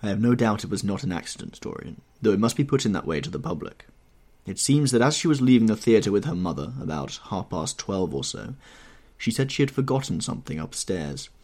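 A suave, cynical aristocrat, as a man reads him in an audiobook, with a low, husky voice that rises and falls in a lively way. He talks in an offhand, drawling manner. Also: fairly quick. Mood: urbane. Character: worldly, cynical aristocratic English gentleman. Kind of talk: audiobook character reading.

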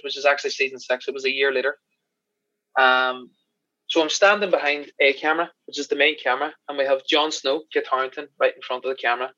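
An Irish man, a podcast guest, telling animated stories in casual chat, swearing and laughing as he goes. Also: medium pitch, no echo, dull audio. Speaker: podcast guest, special effects crew member.

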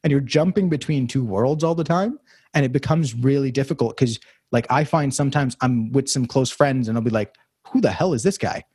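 A man's voice: medium pitch, a little fast, darkish tone, breathy edge, no room sound, clean studio sound. A young man talking through his thoughts in a casual conversation, rambling and reflective with many fillers and restarts.

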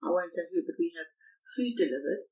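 A woman co-hosting a podcast in casual chat, self-deprecating and quick to laugh. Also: on the low side, expressive, highs cut off. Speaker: podcast co-host.

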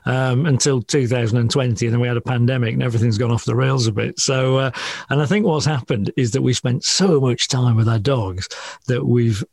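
A man's voice: mid-range voice, fairly even intonation, a little fast, gravelly, a little mellow, slightly rough, dry recording. A man, a dog trainer chatting in an interview, explaining things casually and laughing often.

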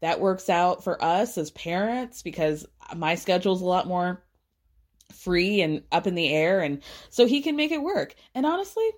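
A woman giving a casual, gossipy recap of a reality show, slipping into quick impressions of the cast as she retells their lines. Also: fairly low pitch. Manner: gossipy, animated, mimics cast members' voices.

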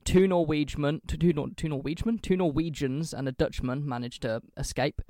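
A man's voice: on the high side, moderate pace, dark tone, no room sound, studio quality. A man co-hosting a podcast, recounting history in casual chat and swearing freely. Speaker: podcast co-host.

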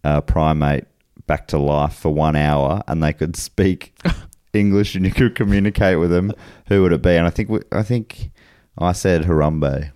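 A low, warm, clean voice at normal speed with few pauses belongs to an easygoing Australian man hosting a podcast. He chats casually and laughs often while reading listener messages. It's a dry recording with clean studio sound.

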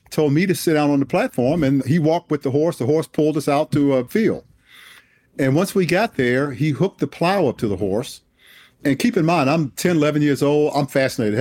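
Man in his sixties, retired general, animated storyteller, fairly high pitch, dry close sound. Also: dry recording. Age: 60s. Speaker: guest, retired Air Force general. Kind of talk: storytelling in an interview.

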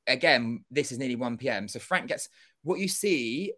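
Animated young man telling a story. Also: medium pitch, moderate pace. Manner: animated, acts out quoted dialogue, swears casually. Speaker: interview guest, former contestant. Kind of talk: casual storytelling interview.

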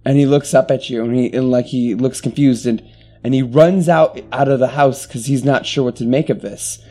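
A man's voice: mid-range voice, fairly even intonation, moderate pace, dark tone, faint music behind. A man narrating as game master in a tabletop game, rambling with frequent restarts. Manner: rambling, full of restarts and fillers.

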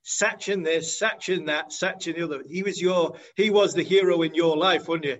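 A former cricketer hosting casual chat, asking easy, direct questions. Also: male voice, fairly high pitch, normal speed, muffled recording. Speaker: former cricketer, podcast host.

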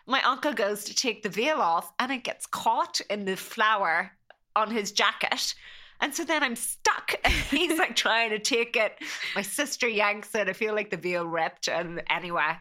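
A woman's voice: medium pitch, unhurried, sharp tone. A young woman, a podcast guest, telling a personal story in a chatty way, often quoting herself and her family.

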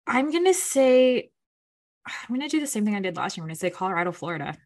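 A woman's voice: mid-range voice, sing-song, quick pace, darkish tone. A woman on a casual sports podcast panel, hesitant and thinking aloud as she gives her pick.

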